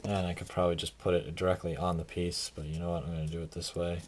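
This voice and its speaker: Tired, rambling man with a deep voice. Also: level tone, fast, slight background noise. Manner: rambling, self-deprecating, offhand. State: tired, yawning. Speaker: hobby video maker. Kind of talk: casual crafting tutorial.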